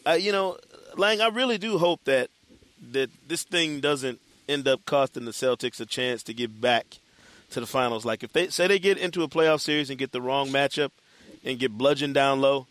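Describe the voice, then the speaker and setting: A man's voice: medium pitch, normal speed, a bit bright, no room sound. A man hosting a casual basketball podcast, laid-back and loose, with plenty of "you know" fillers. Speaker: podcast host.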